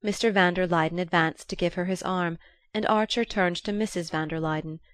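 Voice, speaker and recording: A woman narrating a classic novel aloud in a measured, even storytelling manner. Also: lowish voice, no room sound. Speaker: audiobook reader. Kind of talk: scripted narration.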